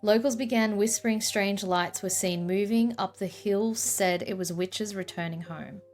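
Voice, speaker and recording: A young woman telling a history vlog in an emotional storytelling style, sighing and trailing off into soft asides. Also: medium pitch, moderate pace, soft background music. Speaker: paranormal history vlogger.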